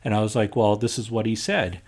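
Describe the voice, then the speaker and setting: A man's voice: lowish voice, fairly quick, darkish tone. A middle-aged man, a podcast host telling stories in a casual, blunt and heated way, swearing freely. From Canada. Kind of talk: casual storytelling chat.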